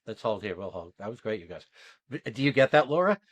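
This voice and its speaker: A man's voice: lowish voice, expressive, fast, no room sound. A man coaching actors through an exercise, talking in an emphatic, blunt way and swearing freely. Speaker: acting coach. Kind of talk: coaching an acting class demo.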